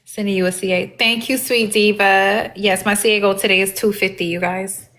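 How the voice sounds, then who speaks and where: A woman talks straight to her live-stream viewers in a casual, salty way. Her voice sits at a middling pitch, and she is blunt and openly aggravated. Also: fairly even intonation, normal speed, a bit bright. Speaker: livestream host.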